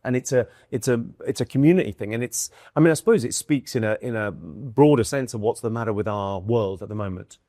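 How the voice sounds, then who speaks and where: A British comedian talking through ideas in a relaxed chat, with dry wit and lots of restarts, at a mid pitch. The sound is dry and close, with no room echo. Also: male voice, a little fast, hardly any pauses. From United Kingdom. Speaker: comedian guest. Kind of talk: casual conversation. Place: indoor room in London.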